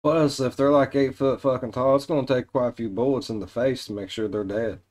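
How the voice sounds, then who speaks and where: A man's voice: mid-range voice, fairly even intonation, brisk, a little mellow. A man hosting a reaction video, commenting casually with blunt, profane jokes.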